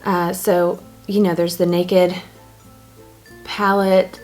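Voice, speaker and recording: A woman's voice: medium pitch, level tone, takes it slowly, a little mellow. Chatty woman doing a makeup vlog at home, jokes around, faint music behind her. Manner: chatty, self-narrating each step; joking asides. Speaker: beauty blogger. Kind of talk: casual makeup tutorial.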